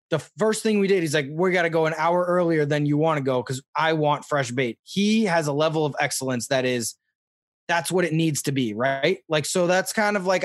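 Excitable, rambling man from Missouri. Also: a little high, dry recording, clean studio sound. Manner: rambling, filler-heavy, excitable. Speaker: podcast guest, fishing show host. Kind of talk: casual storytelling in an interview.

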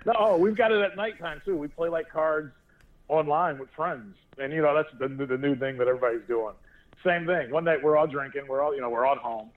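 A man co-hosting a talk show, telling a family story in an animated way and laughing as he goes. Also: fairly high pitch, brisk. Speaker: co-host of a sports talk show. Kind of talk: casual storytelling chat. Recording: tinny phone line.

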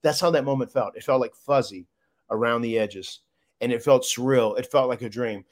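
A man's voice: mid-range voice, moderate pace. A man guest in an interview, recalling a big moment with emotion, rambling and restarting often. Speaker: guest, former wrestler. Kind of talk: casual interview storytelling.

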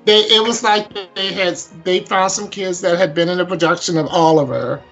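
A man with a voice pitched a little high, chatting about a film with friends. He rambles playfully, restarts his sentences and circles back to his point. Music plays faintly underneath. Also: steady tone, moderate pace, fairly bright tone, lo-fi sound. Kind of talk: casual movie discussion.

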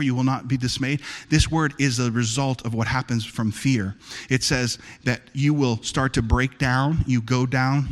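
A man preaching a sermon as pastor, calling out to his church and building to fervent shouts. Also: medium pitch, slightly rough, in a large hall. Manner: preaching, rising to fervent shouts, calls to the congregation.

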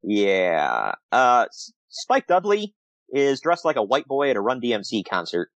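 Animated man recapping with dry sound. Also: medium pitch, measured pace, no echo, rough recording. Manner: laughs often, animated retelling with quoted asides. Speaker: podcast co-host recapping wrestling. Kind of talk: casual chat.

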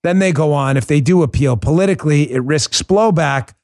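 Man, political podcast host, combative mocking rant, fairly high voice. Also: fairly quick, a little mellow. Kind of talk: opinionated podcast monologue.

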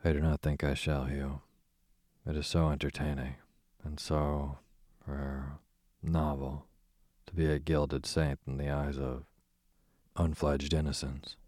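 A man reading an audiobook, voicing a languid aristocratic duke with a smooth, sarcastic drawl. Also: extremely low pitch, level tone, a little slow, a little mellow, no room sound, clean studio sound. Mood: sardonic. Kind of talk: audiobook character voice.

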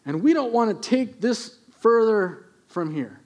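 Shrill, indignant ancient men howl their protest, as a male preacher puts them on. The voice leaps up high and pleads with a note of disbelief. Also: expressive, a little slow, a little mellow. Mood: outraged.

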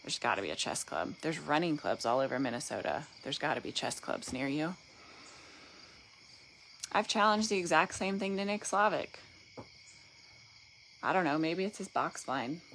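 A Southern woman with a low voice talks into a phone in a loose, candid way. She rambles and pokes fun at herself, and faint outdoor night sounds sit behind her. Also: expressive, normal speed, long pauses, a bit bright, a little hiss or hum. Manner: candid, rambling, self-deprecating. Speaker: painting business owner guest host. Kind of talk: casual livestream talk.

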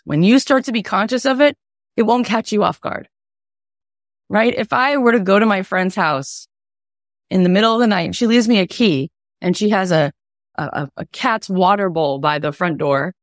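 A woman coach teaching an online workshop in a chatty, animated way, her voice raspy from a cold. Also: medium pitch, normal speed, dry recording, studio quality. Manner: animated, chatty, lots of "right?". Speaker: wealth coach.

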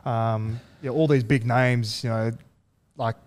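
This is a young man in a casual interview. He tells his stories in a loose, halting way, full of fillers and restarts, and his voice sits at an ordinary middle pitch. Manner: relaxed, halting, many fillers and restarts, laughs through stories. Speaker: interview guest, rugby league player.

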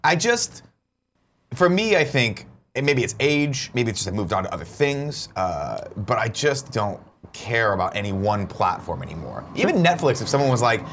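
A man's voice: mid-range voice, big pitch swings, moderate pace, a bit bright, a little hiss or hum. A man co-hosting a talk show, chatting casually in a rambling, irreverent way and swearing freely. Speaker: show co-host. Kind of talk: casual chat.

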